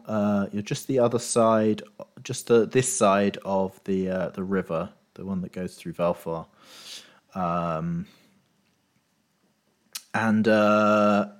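A man running a tabletop game as game master, narrating scenes with frequent ums and pauses. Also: on the low side. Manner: hesitant, lots of ums while describing.

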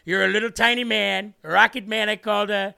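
A bullying older politician scolds bluntly, as a man puts him on. The voice is high, bright and gravelly. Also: level tone, brisk, exaggerated voice. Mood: scolding.

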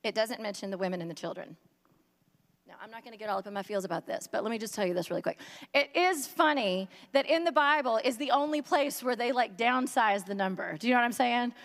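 Chatty high-voiced woman preaching in a hall. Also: quick pace, gravelly. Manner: chatty and joking, many filler words. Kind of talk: humorous casual sermon.

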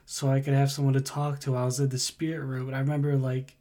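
A young man with a dark, mellow voice looks back on an old memory in casual chat. He speaks in a relaxed, reflective way with a few fillers. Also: mid-range voice, fast.

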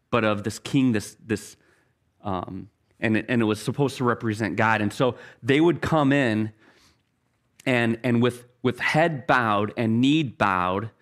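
Earnest middle-aged male preacher. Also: medium pitch. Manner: earnest, storytelling, slows down for key phrases. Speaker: pastor. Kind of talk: sermon.

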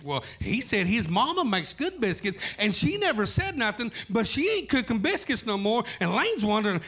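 A man's voice: extremely high pitch, very animated, moderate pace, hardly any pauses, a bit bright. A man preaching a sermon, telling a folksy story as pastor.

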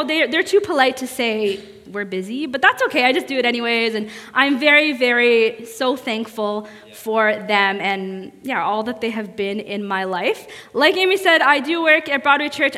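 A woman's voice: on the high side, bright, forceful tone. A young adult woman speaking as a guest at a church, telling a story in a chatty, self-deprecating way with lots of fillers. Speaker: guest speaker, next gen director. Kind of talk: casual sermon opening. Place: church auditorium. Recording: long reverb of a church hall.

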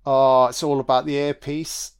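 A man's voice: medium pitch, little pitch movement, moderate pace, clean tone. A man giving a casual film commentary, sweary, sarcastic and mocking.

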